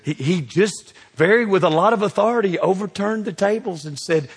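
A middle-aged man, preaching a sermon that swings between loud exhortation and hushed asides. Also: sits high, moderate pace, slightly rough, in a large hall. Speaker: pastor.

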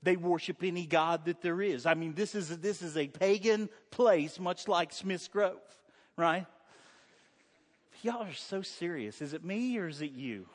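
A man's voice: high voice, a little slow, in a large hall. A male pastor preaching a sermon in a church, conversational and joking with the congregation. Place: church sanctuary.

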